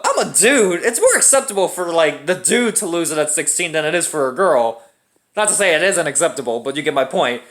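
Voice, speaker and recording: Animated, bright-voiced young man. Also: high-pitched. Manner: animated, profane, wry. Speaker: storyteller. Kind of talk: casual storytelling.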